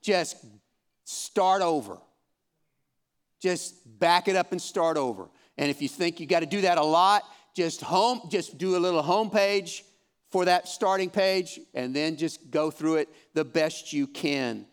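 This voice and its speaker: High-voiced man teaching Bible study. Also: measured pace, smooth. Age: 50s. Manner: encouraging, folksy, repeats himself. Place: room with a live audience, also streamed.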